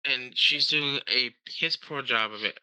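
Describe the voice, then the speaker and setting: A man with an East Coast American accent, co-hosting a game stream. His voice is very bright and his pitch is average. He speaks bluntly, with dry remarks. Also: a little slow, smooth, rough recording. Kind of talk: casual gaming chat.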